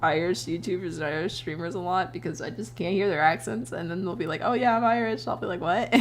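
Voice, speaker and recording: A young adult woman streamer chatting casually while she draws, telling animated stories, laughing often and swearing freely. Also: lowish voice, quick pace, slight background noise. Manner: animated storytelling with voiced quotes.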